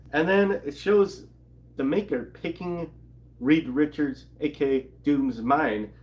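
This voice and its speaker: A man casually recapping a comic book in a rambling way, reading character lines aloud and laughing along. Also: medium pitch. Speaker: comic channel co-host.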